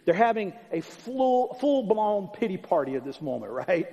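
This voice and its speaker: A man's voice: sits high, sing-song, normal speed, dark tone. A man preaching a sermon as pastor, in an emphatic, conversational style with lots of repetition. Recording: long hall reverb, dull sound.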